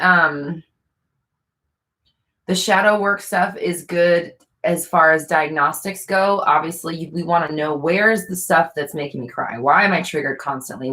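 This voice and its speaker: A woman answering viewer questions as a coach, with a slightly lower voice. She talks casually and earnestly, repeating phrases and thinking aloud with fillers. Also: bright, forceful tone. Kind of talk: casual advice talk.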